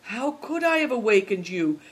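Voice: medium pitch, animated, normal speed, natural voice. A reader doing a plaintive, drawling servant man. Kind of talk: audiobook character reading.

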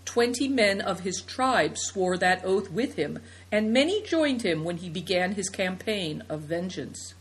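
A woman narrating a children's novel as an audiobook, in an expressive storytelling manner. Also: mid-range voice, unhurried, hardly any pauses, poor audio.

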